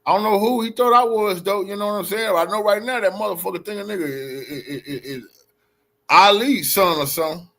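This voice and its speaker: A man's voice: sits high, fairly quick, fairly bright tone. A man streaming casual, rambling commentary, profane and boastful. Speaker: streamer and blogger.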